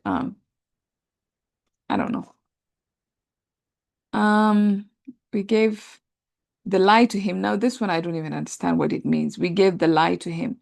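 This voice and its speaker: A woman teaching an Arabic grammar class, talking through translations in a relaxed conversational way with many fillers. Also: medium pitch, gravelly. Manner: explains patiently, thinks aloud with many fillers; reads translations aloud and compares them.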